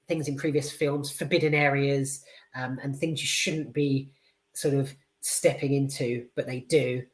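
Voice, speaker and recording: Rambling woman reviewing films. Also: low voice. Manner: rambling and animated, sweary, many hesitations. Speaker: film reviewer. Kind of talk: casual film review. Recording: roomy echo.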